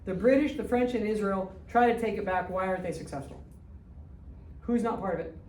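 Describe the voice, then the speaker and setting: A woman's voice: mid-range voice, a little mellow, a little hiss or hum. Blunt older woman teacher, echoey room. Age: 60s. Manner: blunt, quizzing students with rapid questions. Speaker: history teacher. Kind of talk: classroom lecture. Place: classroom. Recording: echoey room, distant mic.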